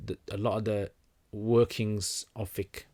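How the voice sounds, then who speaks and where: A young man chats through a livestream Q&A at an easygoing pace, his voice sitting a little low. He often stops to restart a thought and fills the gaps with ums and uhs. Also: measured pace. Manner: relaxed, conversational, many fillers and restarts. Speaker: livestream host answering questions. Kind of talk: casual livestream Q&A.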